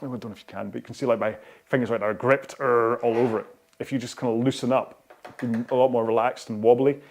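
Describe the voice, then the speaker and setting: A man's voice: medium pitch, darkish tone. A middle-aged man chats his way through a live rowing stream. He rambles from tip to tip, keeps it casual, and pokes fun at himself with frequent laughs. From United Kingdom. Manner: chatty, rambling, self-deprecating, laughs often. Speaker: rowing coach and host.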